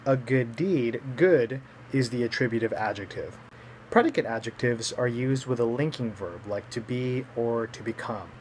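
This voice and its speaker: A man's voice: mid-range voice, a little hiss or hum, rough recording. A man teaching Greek grammar in a recorded lesson, explaining each point step by step and muttering small self-corrections.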